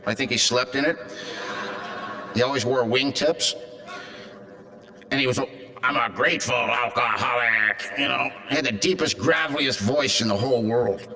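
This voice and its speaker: A Californian man in his fifties, speaking at a recovery meeting, tells a convention crowd a raw and darkly funny personal story. His mid-range voice sounds bright and pushed.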